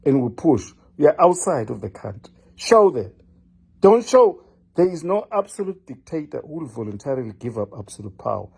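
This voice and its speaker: An older man lectures and scolds in an impassioned political monologue. His voice is gravelly and husky, with a dark, mellow tone, and his pitch swings widely as he presses his points. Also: sing-song, normal speed. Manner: scolding, lecturing, repeats a name for emphasis. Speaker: political commentator. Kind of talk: impassioned direct-address monologue.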